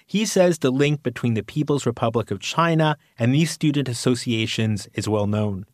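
A male reporter narrating a news story in a measured, scripted way. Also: medium pitch, dry recording, clean studio sound.

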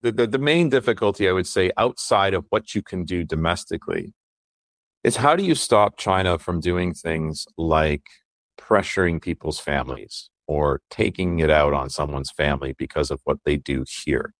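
Very deep voiced guy explaining stuff carefully, dry close sound. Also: normal speed, no room sound. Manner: thoughtful, explaining with restarts. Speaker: security expert interviewee. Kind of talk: explanatory interview.

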